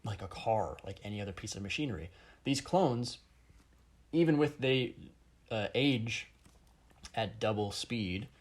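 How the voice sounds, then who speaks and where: A man's voice: on the low side, animated, unhurried, long pauses. A man co-hosting a podcast, casual chat with a dry, teasing manner, recorded over the phone. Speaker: podcast co-host. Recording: phone call audio.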